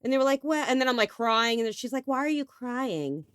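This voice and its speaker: Animated woman telling stories, dry sound. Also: on the high side, a little fast, smooth, no echo. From New York. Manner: animated storyteller, swearing, acting out quotes. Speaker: podcast co-host. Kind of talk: casual chat.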